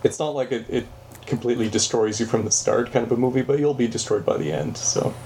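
Easygoing man with a mellow voice. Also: mid-range voice, fast, slight background noise. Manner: easygoing, agreeable. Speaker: podcast guest. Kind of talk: casual film podcast chat.

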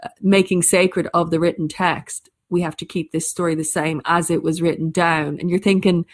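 An Irish woman who tells stories, chatting casually in quick, animated bursts with frequent restarts. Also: on the low side. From Ireland. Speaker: storyteller. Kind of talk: casual conversation.

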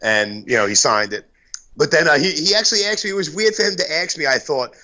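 A man's voice: a little high, animated, fast, pushed and bright. A man from Brooklyn telling a rambling story in casual chat, full of fillers and swearing. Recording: dull lo-fi sound.

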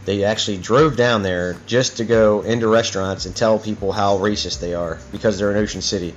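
A lowish, steady male voice moves fairly quickly with hardly any pauses. He's hosting his own talk show, ranting in a heated, profane, rambling way and repeating "you know what I mean," on a dull lo-fi recording with faint music behind.

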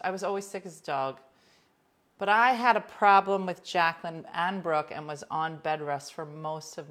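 A woman hosting a livestream, chatting casually and bluntly with viewers, calling them by name and swinging between loud outbursts and hushed asides. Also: low-pitched. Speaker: livestream host reading viewer comments.

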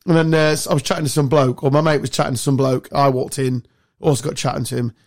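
A man hosting a casual podcast, telling sweary, animated stories. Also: medium pitch, quick pace. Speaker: podcast host. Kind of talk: casual chat.

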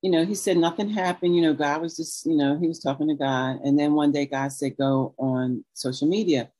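Low, husky woman telling a story. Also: fairly even intonation, a little fast, dark tone, no echo, low-quality recording. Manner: chatty, laughs often, acts out quotes. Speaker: podcast guest. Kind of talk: casual storytelling.

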